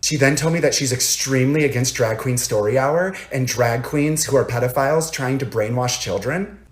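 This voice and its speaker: A man's voice: mid-range voice, normal speed. Wry storyteller man in an echoey room. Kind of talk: casual storytime.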